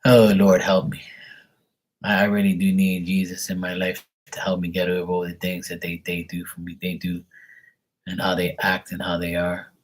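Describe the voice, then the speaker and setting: A man's voice: deep voice, completely flat delivery, fairly quick. A man chatting casually on a live tarot stream, rambling and exasperated, swearing freely. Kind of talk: casual livestream chat.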